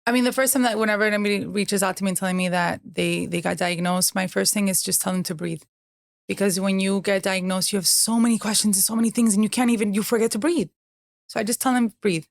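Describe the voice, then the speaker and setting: Woman, gravelly fry, dry close sound, earnest candid storytelling. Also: mid-range voice, no echo. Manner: earnest, heartfelt, many fillers. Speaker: guest, cancer survivor.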